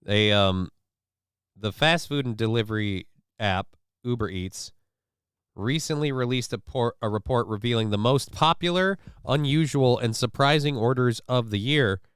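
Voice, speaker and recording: A man's voice: medium pitch, normal speed, clear, resonant tone, dry recording, studio quality. A man hosting a casual live stream, reading viewer comments and news stories aloud with sarcastic, offhand remarks. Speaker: livestream show host.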